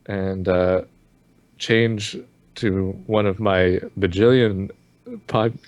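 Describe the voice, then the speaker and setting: A man's voice: sits low, steady tone, takes it slowly, a little mellow, no echo. A man co-hosting a casual movie podcast, joking around and dropping into silly voices. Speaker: podcast co-host. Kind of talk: casual chat.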